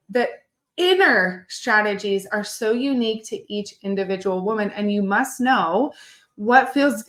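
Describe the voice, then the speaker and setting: A woman's voice: on the high side, roomy sound. A young woman nutrition coach teaching a live online masterclass, upbeat and encouraging, often checking in with her listeners.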